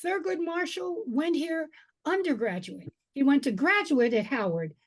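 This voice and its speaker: An older woman telling lively stories as an alumna panelist on a video call. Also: sits high, a little slow, no room sound. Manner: lively, animated storyteller.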